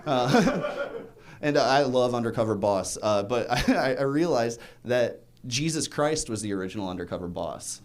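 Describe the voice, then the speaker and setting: A man's voice: medium pitch, lively intonation, normal speed. A young man doing a stand-up set in a comedy club, self-deprecating and rambling, chuckling between jokes.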